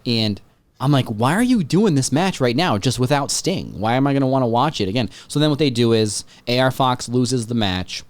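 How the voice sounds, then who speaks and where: Rambling, excitable male podcast host. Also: medium pitch, moderate pace, no room sound. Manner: rambling, excitable, swears freely. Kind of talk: casual chat.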